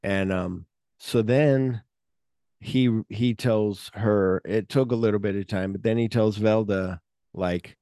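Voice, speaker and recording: A man's voice: lowish voice, slow pace, dark tone, dry recording, studio quality. A man co-hosting a casual film podcast, rambling and searching for names with lots of fillers. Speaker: podcast co-host.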